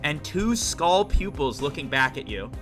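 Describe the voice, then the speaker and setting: A man running a tabletop game on a live stream, narrating scenes with animated, laughing delivery. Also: a little high, measured pace, faint music behind. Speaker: game master.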